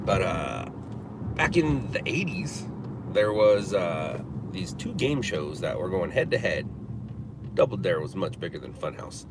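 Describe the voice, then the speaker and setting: Live-streaming from a car with traffic noise in the background, a man in his forties chats and rambles casually, full of fillers and restarts. His low voice has a sing-song quality, and he takes his time.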